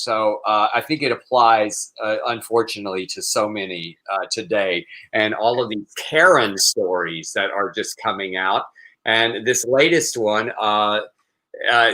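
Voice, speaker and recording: A man co-hosting a talk show, telling a news story in an animated, gossipy way. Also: medium pitch, low-quality recording. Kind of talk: casual news chat.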